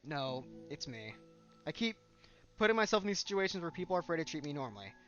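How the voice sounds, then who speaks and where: A man voicing a timid, anxious bookish teenage girl in a visual novel, speaking softly and hesitantly. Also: sits high, very animated, very fast, highs cut off, soft background music. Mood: distressed. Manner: soft, hesitant and apologetic.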